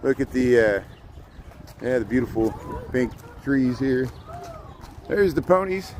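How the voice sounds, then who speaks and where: A man's voice: medium pitch, expressive, unhurried, darkish tone, rough recording. A man walking through a zoo farm and chatting to the camera, joking and talking to the animals. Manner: chatty, jokey, talks to the animals. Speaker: vlogger. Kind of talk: casual walking vlog. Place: outdoor farm area at a city zoo. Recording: outdoor street noise. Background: outdoor ambience, birds, passing vehicles.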